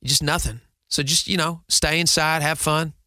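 A man's voice: fairly high pitch, steady tone, normal speed, bright, forceful tone, no room sound, clean studio sound. A man putting on a Southern-accented voice to play his strict father laying down curfew rules. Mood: stern. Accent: American Southern. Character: strict middle-aged father with a drawl.

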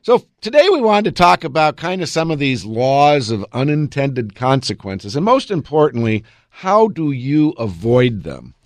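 Animated radio host lawyer. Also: male voice, mid-range voice, no room sound, studio quality. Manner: animated and folksy, keeps addressing listeners as folks; reads legal statutes aloud slowly. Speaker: estate and elder law attorney, radio host. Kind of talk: radio talk show chat. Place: radio studio.

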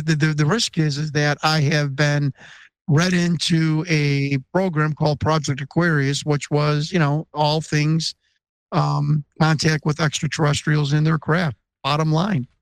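An American man in his fifties from Chicago is a guest on a podcast interview, speaking earnestly and emphatically and pressing insistent questions. His voice is fairly high in pitch, with no room sound.

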